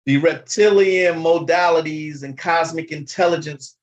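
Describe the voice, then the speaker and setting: A man putting on a pompous know-it-all who talks in slow, lofty word salad. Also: a little high, muffled recording, close to an everyday voice. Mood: mock-pompous. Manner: slow, lofty, mock-intellectual.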